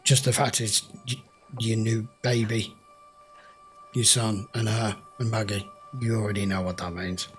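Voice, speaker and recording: A man's voice: fairly low pitch, level tone, a little slow. Swearing man reacting to TV. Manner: blunt, swears freely, talks back at the screen. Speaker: reaction channel host. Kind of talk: casual reaction commentary. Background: loud show soundtrack music.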